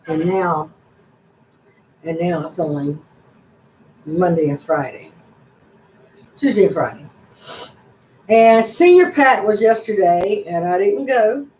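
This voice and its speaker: Speaking at a medium pitch, this older channel host rambles through a casual live-stream chat in a folksy, chatty manner. The room is echoey and there's a faint hiss or hum.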